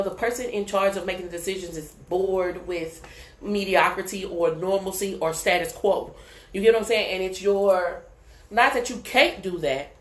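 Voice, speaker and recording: A woman giving a live tarot reading in a casual, profane, chatty way, often checking in with the listener. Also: lowish voice. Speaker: tarot reader. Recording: echoey room, faint background noise.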